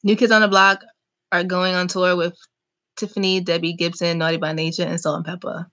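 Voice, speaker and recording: Bright-voiced chatty woman. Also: lowish voice, brisk. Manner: chatty, animated, talks back to chat comments. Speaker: vlogger hosting a live chat. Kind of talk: casual live-stream chat reading comments.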